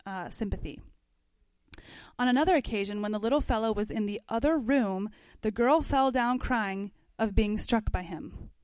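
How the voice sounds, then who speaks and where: Higher-voiced woman reading a parenting text. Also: a little mellow, dry recording. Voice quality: conversational, asks the class questions. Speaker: parenting class teacher. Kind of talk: reading aloud from a book and commenting.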